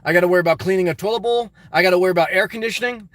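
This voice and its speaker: A man live-streaming a casual vlog, reading comments aloud and answering them in an animated, repetitive, exclamatory way. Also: high voice, rapid-fire. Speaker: YouTube vlogger answering live chat.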